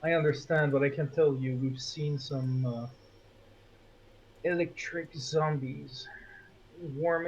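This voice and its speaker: A man's voice: a little high, darkish tone. Earnest male player on a dull mic. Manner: earnest, restarting phrases. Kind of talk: in-character tabletop role-play. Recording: dull lo-fi mic with faint noise.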